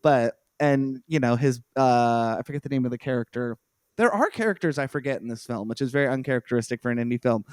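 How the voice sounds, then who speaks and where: A man's voice: mid-range voice, quick pace, a little mellow, clear, resonant tone, no room sound. A man in casual film podcast chat, enthusiastic and apologetic, correcting himself as he talks. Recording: dry close mic.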